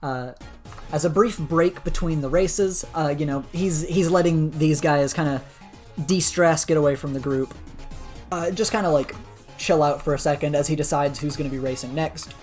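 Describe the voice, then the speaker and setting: Low-voiced woman game master. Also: moderate pace, a little mellow, faint music behind. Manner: casual, filler-heavy narration. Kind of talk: narrating a tabletop game.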